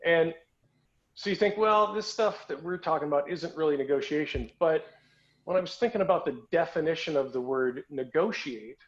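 A man's voice: fairly high pitch, moderate pace. A man hosting a podcast, telling a story in a casual, conversational way with frequent restarts and repeated words. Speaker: podcast host. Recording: dull lo-fi podcast audio.

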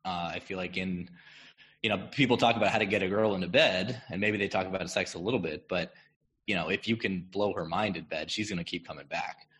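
A man's voice: low-pitched, brisk, a bit bright, slightly rough. A man hosting a casual chat, laughing often and giving short agreeing replies.

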